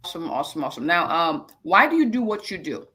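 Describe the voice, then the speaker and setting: Upbeat doctor-host, mid pitch, repeats phrases for emphasis, live web chat. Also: sing-song, fast talker, sharp tone. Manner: enthusiastic, repeats words. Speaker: physician hosting a live web show. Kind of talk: upbeat interview hosting.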